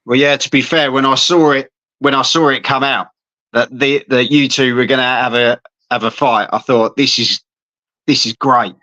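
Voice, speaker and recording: Bright chatty host on a dull line. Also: male voice, mid-range voice, steady tone, moderate pace, no room sound. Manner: chatty, friendly, says "mate" and "isn't it". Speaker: interview host. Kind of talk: casual interview. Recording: dull dry lo-fi sound.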